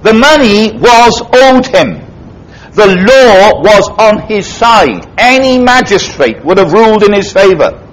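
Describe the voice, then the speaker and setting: A man's voice: big pitch swings, slow, rough recording. A man preaching a sermon, retelling a parable emphatically and dramatically. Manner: emphatic, dramatic retelling with sweeping pitch swings. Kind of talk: expository sermon.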